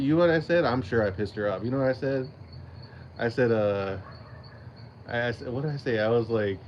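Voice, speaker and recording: A man's voice: mid-range voice, fairly quick, muffled recording, a little hiss or hum. A man hosting his own channel, chatting casually and rambling through a story with lots of swearing, restarts and laughter. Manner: rambling, profane, laughs often. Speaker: channel host. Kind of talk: casual livestream chat.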